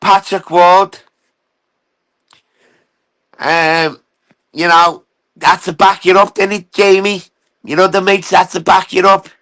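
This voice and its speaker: A man with a fairly high, bright voice rants unscripted on a live stream, calling out and mocking someone who is not there. His comes through as he swears, repeats himself and takes his time. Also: little pitch movement, takes it slowly, pauses often, rough recording. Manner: taunting, profane and rambling. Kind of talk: ranting casual live stream.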